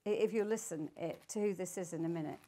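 An older woman teaches the Bible to a small group, reading scripture aloud and putting emphatic questions to her listeners. Her voice is lowish and dark-toned, and she speaks fast.

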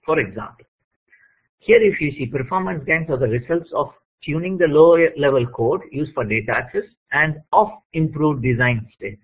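A man's voice: fairly high pitch, moderate pace, slightly rough. A man explaining lecture slides, checking in often with "okay?" and "right?" as he teaches. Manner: plain teaching tone with frequent "okay?" check-ins. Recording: tinny phone-like audio.

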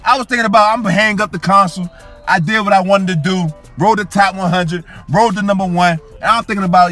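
A young male gaming YouTuber gives hyped, boastful gameplay commentary, his high, steady voice moving fast with a slightly bright edge. He keeps repeating catchphrases that end in "coach" and "yo," while faint music plays in the background.

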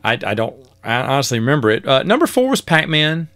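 A man's voice: mid-range voice, sing-song, fast talker, fairly bright tone, dry recording. A man hosting a podcast in casual chat, upbeat with lots of hesitant fillers. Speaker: podcast host.

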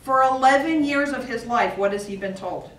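A woman's voice: a little high, moderate pace, a bit bright. A middle-aged woman giving a humorous storytelling speech at a speaking club, acting out the dialogue and dropping to a whisper for her son's lines. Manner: acts out dialogue, drops to a whisper for her son. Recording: echoey room, distant mic, faint hiss.

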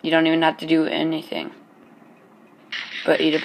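Slightly high and monotone, with vocal fry, this man talks at normal speed while commenting casually on a game for his own channel. He hesitates a lot, piling up ums and restarting sentences, but keeps things chatty and jokey.

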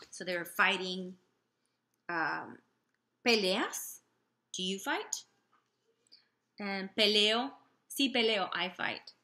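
A woman teaching a language lesson slowly and patiently, sounding out example phrases carefully and pausing on fillers. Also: medium pitch, bright, forceful tone. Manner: slow, deliberate, with many fillers. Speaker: Spanish teacher.

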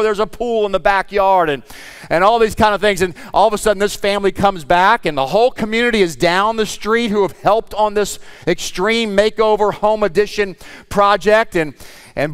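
Male guest pastor, high clear voice, storytelling sermon that drops into prayer. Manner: storytelling, acts out voices, shifts into soft prayer.

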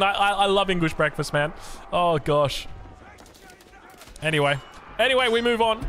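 A man's voice: high voice, expressive, fairly quick, bright, forceful tone, soft background music. A young Australian man casting a strategy game match, jokey and full of puns. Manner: jokey, punning, self-deprecating. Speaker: game caster. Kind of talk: live match commentary.

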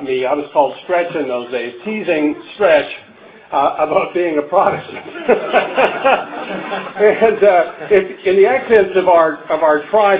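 An older man from Canada giving a conference lecture, a wry storyteller who chuckles at his own jokes and stumbles over restarts. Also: a little high. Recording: phone-like narrow band.

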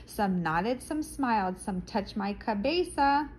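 A woman reading a children's picture book aloud, expressive and stopping to explain words to young listeners. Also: mid-range voice, slow, slight background noise, rough recording. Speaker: storyteller for children.

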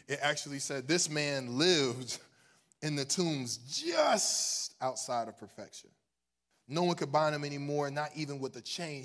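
A young man from Ohio preaching a sermon as a minister, talking conversationally with joking asides and swinging from hushed lines to loud ones. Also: medium pitch. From Ohio, United States.

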